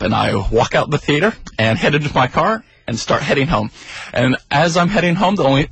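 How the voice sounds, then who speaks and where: A man's voice: brisk, breathy edge, dry recording, low-quality recording. Wry young man telling a story. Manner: wry, self-deprecating storytelling with lively pitch. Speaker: guest storyteller. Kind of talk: telling a personal story on radio.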